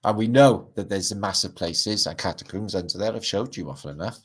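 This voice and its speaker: This Welsh livestream host, a middle-aged man, talks fairly quickly in a low, slightly rough voice. Rambling over pictures, he makes wry side comments and swears casually.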